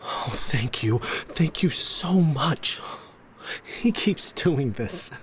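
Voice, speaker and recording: A man's voice: on the high side, lively intonation, very slow, voice pushed up. A man voicing a frantic, grateful young mother, talking in a breathless, pleading way.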